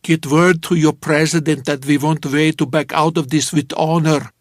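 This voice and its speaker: A gruff male Russian diplomat, put on by a male audiobook narrator in a thick mock Russian accent. He barks short, broken demands, pitched a touch high. The recording is dry, with no room sound. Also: steady tone, normal speed, no echo, natural voice. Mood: demanding.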